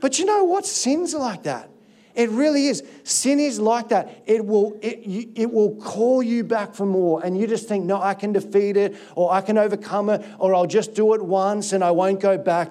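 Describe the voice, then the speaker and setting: A man's voice: sits high, normal speed, warm tone. A middle-aged man, a guest pastor giving a sermon, telling confessional stories with many restarts.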